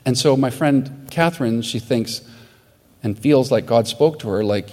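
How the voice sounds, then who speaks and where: A male pastor delivers an earnest sermon at an ordinary middle pitch. His voice rings out with a long hall reverb behind it. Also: measured pace, a little mellow. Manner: earnest storytelling preacher.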